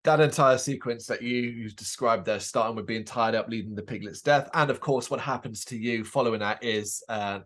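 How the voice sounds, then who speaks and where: A man hosting an interview, asking questions in a halting but enthusiastic way, often restarting his phrases. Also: mid-range voice, fairly bright tone. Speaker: interviewer host.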